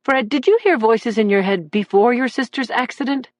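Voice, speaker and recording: A man's voice: very high-pitched, dry recording, pitched above the performer's own voice. A woman reading an audiobook voices a composed male defense attorney who speaks evenly and matter-of-factly in court. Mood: calm. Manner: even, measured, matter-of-fact. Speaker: defense lawyer.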